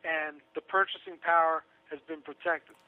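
A man's voice: a little high, little pitch movement, normal speed, dry recording. A man talking casually on a radio show, chatty and sarcastic, laughing through his own asides. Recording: tinny phone line.

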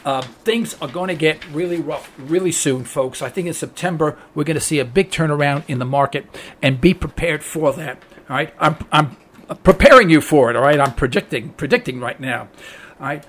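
A man's voice: fairly high pitch, normal speed, fairly bright tone. A man hosting a political talk radio show, speaking with impassioned emphasis and often restarting his phrases as he presses a point.

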